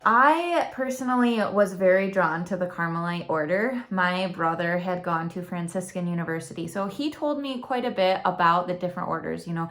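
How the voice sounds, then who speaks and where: An earnest young woman with a Michigan accent talks through her own story at an easy pace. She is chatty and open, with a middle-pitched voice. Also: a bit bright. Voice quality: talkative, earnest. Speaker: YouTube channel host. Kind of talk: personal reflective monologue.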